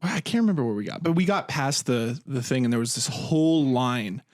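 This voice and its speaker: A young man co-hosting a podcast tells a story in casual chat, swearing freely and acting out the quotes into the mic. His voice is mid-range and expressive, a little fast, with clean, echo-free studio sound.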